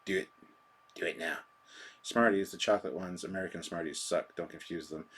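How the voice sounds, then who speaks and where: A man hosting a live stream chats casually and rambles through viewer comments in a self-deprecating way. His low-pitched voice is fairly bright, with fairly even intonation and a fairly quick pace, over slight background noise.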